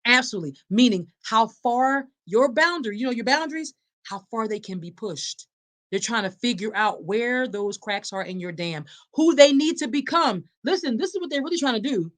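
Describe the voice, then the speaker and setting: A woman's voice: a little high, expressive, moderate pace, a bit bright. Woman, live podcast host, emphatic, preacher-like delivery, talks straight to her audience. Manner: emphatic and preacherly, addressing listeners as y'all and reading live comments. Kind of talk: live-streamed advocacy talk.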